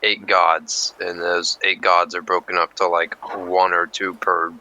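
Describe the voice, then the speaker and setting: A man's voice: sits low, little pitch movement, unhurried, bright, forceful tone, dull audio. A man in a tabletop group chatting casually, laid-back and swearing offhandedly. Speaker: player.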